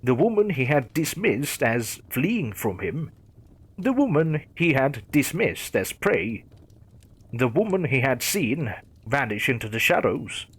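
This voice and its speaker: Guy narrating a creepy horror story, husky voice, lively pitch. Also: unhurried.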